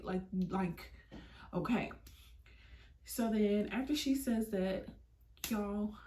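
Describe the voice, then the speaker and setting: A young woman vlogger telling a story, animated and slangy. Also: medium pitch, a little hiss or hum. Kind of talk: storytime vlog. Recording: roomy, mic at a distance.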